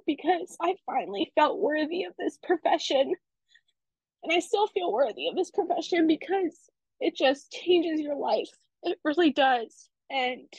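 A woman's voice: high voice, no echo. A young woman from Pennsylvania, chatting as an interview guest, gushing and emotional, with lots of "like" fillers. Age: young adult. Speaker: guest, newly licensed physical therapist assistant. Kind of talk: casual interview chat. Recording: dull lo-fi, dry.

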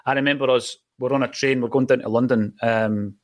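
A man's voice: medium pitch, steady tone, fairly quick. Upbeat male podcast host. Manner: enthusiastic interjections, plugging links. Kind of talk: casual chat.

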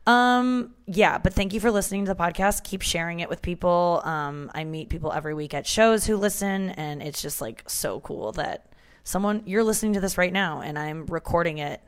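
Rambling low-voiced woman podcast host. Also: normal speed, clear, resonant tone. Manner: rambling, chatty, full of fillers. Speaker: comedian and radio host. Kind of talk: casual podcast chat. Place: back room of a hair salon. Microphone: portable setup recorded on the go, not a studio.

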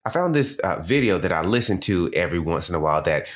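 Deep-voiced Southern American man reviewing. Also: big pitch swings, fast talker. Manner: conversational, with digressions and asides to the audience. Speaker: anime reviewer and podcast host. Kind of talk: casual spoken review.

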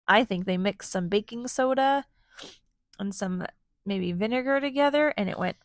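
A woman's voice: mid-range voice, normal speed, no room sound. A woman reading a storybook aloud to her children, stopping often to ask them questions. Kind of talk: interactive read-aloud to children.

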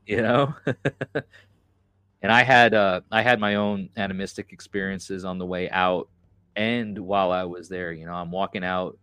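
A man with a very low voice tells a story in a loose, rambling way, full of fillers. He sounds close to the mic, in a dry room. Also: a bit bright, no room sound. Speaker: podcast host. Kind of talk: casual conversation.

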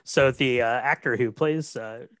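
A man co-hosting a casual film podcast, retelling the plot in a relaxed way with fillers. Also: medium pitch, measured pace, clean tone, no room sound, studio quality. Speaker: podcast co-host. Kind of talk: casual film recap chat.

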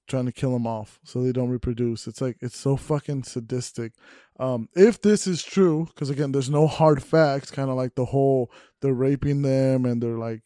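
A man's voice: mid-range voice, mellow, dry recording, clean studio sound. A man hosting a casual podcast, asking his co-hosts questions in a rambling, profane way with many likes. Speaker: podcast host.

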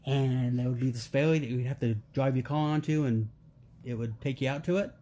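There's background noise behind this medium-pitched, brisk male voice. He's a middle-aged man guesting on a podcast, animatedly recounting family stories with jokes and acting out each quote in the voices of those involved.

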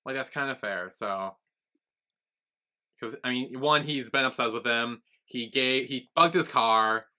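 A man's voice: medium pitch, a little slow. A young man co-hosting a podcast, casually retelling a plot and acting out the characters' lines. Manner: lively storyteller, acts out lines. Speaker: podcast co-host.

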